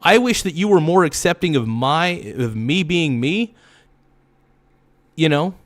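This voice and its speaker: A man hosting a livestream delivers a heated, swearing monologue that circles back on itself. His voice sits a little high, and he stumbles into restarts and quick self-corrections. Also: lively intonation, a bit bright. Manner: heated, repetitive, swearing rant. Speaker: livestream host.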